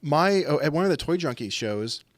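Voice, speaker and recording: A man's voice: on the high side, animated, moderate pace, dry recording. A man in casual podcast chat, telling a rambling story and acting out the voices of people he quotes. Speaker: podcast guest.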